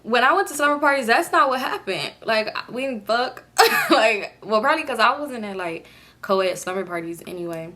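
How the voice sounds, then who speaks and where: A woman vlogger telling a casual storytime, animated and profane, laughing often. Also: on the high side, normal speed.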